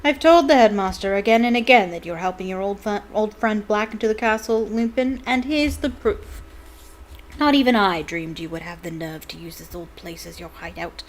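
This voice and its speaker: A woman's voice: medium pitch, moderate pace, natural voice. A woman reading aloud and voicing a cold, sneering male wizard professor who speaks in a silky, menacing, hissing way.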